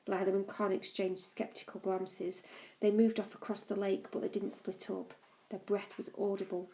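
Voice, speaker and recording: Mellow woman reading a novel aloud. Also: mid-range voice, level tone, moderate pace, rough recording. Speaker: audiobook reader.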